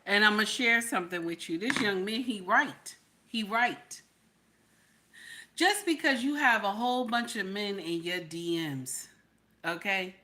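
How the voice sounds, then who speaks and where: A woman's voice: mid-range voice, measured pace, sharp tone, slight background noise. An older woman, giving sassy live-stream commentary and often repeating "okay?". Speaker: reaction streamer.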